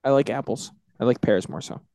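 A man co-hosting a casual sports podcast, dropping quick teasing asides and short picks. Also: medium pitch, a little mellow, dry recording. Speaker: podcast co-host.

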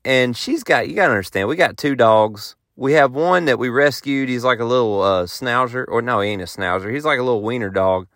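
A man's voice: medium pitch, lively intonation, fairly quick, hardly any pauses, a bit bright, dry recording, clean studio sound. A man hosting a podcast, telling a rambling, self-mocking story in a folksy, casual way. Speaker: podcast host and touring musician.

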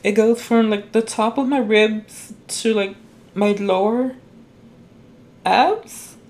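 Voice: medium pitch, fairly even intonation, unhurried, a little mellow. Rambling, foul-mouthed young podcast host. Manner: rambling, swears constantly, many restarts. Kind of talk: casual chat. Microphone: talking into a mic.

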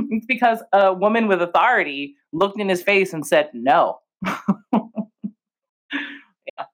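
A woman's voice: medium pitch, slow pace, long pauses. A young adult woman co-hosting a podcast, telling stories in casual chat with frequent laughter and acted-out quotes. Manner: animated storyteller, laughs often, acts out quoted voices. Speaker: podcast co-host.

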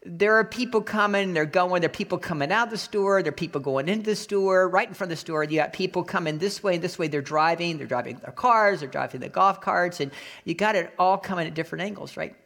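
A male pastor delivering a sermon, telling a personal story with animated acted-out voices. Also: high-pitched, fast talker, gravelly. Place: Florida.

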